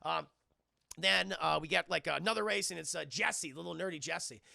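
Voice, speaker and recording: A man casually recapping a film scene by scene for a live chat, animated and profane, acting out the characters. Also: on the high side, normal speed, creaky, no room sound. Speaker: streamer reviewing a film.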